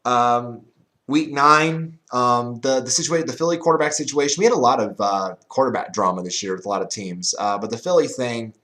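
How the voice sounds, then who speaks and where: Rambling, laughing fantasy football host. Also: male voice, medium pitch, normal speed, pushed and bright. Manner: rambling, repeats words, laughs often. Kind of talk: casual monologue.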